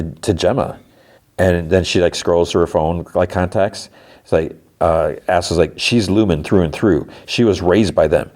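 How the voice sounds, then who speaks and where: A man hosting a podcast, casually retelling scenes and quoting characters in quick back-and-forth, with wondering asides. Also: sits low, darkish tone. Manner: wondering asides about plot. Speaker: podcast host. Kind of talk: casual episode recap.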